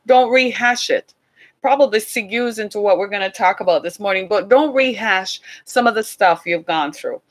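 Animated woman telling a sermon story. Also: normal speed. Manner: animated storytelling, acting out quoted dialogue in a higher voice. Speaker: speaker addressing a congregation.

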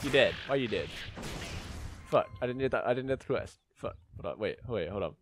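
A man's voice: mid-range voice, lively intonation, brisk, background noise. Brash joking young man gamer. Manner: boastful, joking, yells at the game. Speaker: gaming video host. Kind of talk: gameplay commentary.

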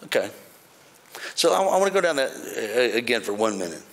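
A male pastor preaching a sermon with jokes, swinging between shouted praise lines and quiet, dry asides to the congregation. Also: medium pitch, sing-song, brisk.

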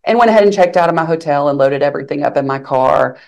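An Arkansas attorney, a woman, recounts her story in an interview, speaking fast in a low-pitched voice with vocal fry. She's animated, quoting the lines of people she met along the way.

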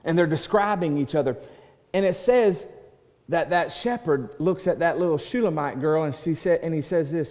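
A male pastor preaching a sermon, swinging from loud proclaiming to soft hushed quoting and restarting words as he builds a point. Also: a little high, moderate pace. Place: church sanctuary. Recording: church hall reverb.

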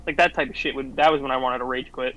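A man's voice: mid-range voice, flat delivery, fast, a bit bright, muffled recording. A man co-hosting a casual podcast, blunt and swearing freely. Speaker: podcast co-host. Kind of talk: casual chat.

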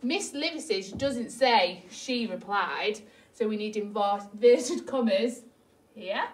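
A primary school teacher talks her class through the lesson at a slow, careful pace. Her fairly high voice moves up and down a lot, and she sits some way from the microphone. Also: distant mic. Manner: slow, careful, lively pitch when reading example lines.

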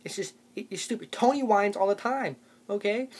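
A man's voice: high-pitched, normal speed, a little mellow, breathy edge. A young man delivering a sarcastic comedic rant to camera, tagging his points with "okay?". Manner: ranting, sarcastic, tags lines with "okay?". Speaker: vlogger.

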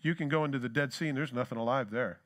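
In a church sanctuary, a male pastor preaches in a loose, joking, conversational way and reads scripture aloud with mounting emphasis. His medium-pitched voice is a bit bright and moves at a quick pace.

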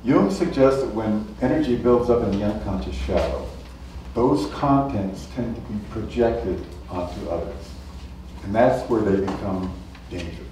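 A male lecturer speaks at an ordinary pitch in a measured, explanatory way. His voice is picked up from a distance in a very echoey hall. Faint room noise sits underneath. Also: animated, warm tone. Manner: measured explanatory delivery with acted anecdotes. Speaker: guest lecturer. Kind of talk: public lecture.

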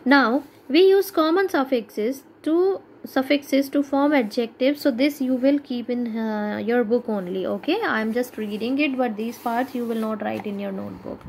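A woman's voice: a little high, moderate pace, few pauses, a little mellow, slight background noise, poor audio. A woman teacher with an Indian English accent giving a grammar lesson to schoolchildren, explaining step by step and asking checking questions.

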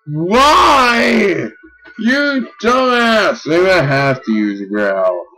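Excitable young man yelling at a game. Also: a little high, very slow, faint music behind, poor audio. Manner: excitable, frustrated, swears and yells at the game. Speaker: let's play gamer. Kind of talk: casual gameplay commentary.

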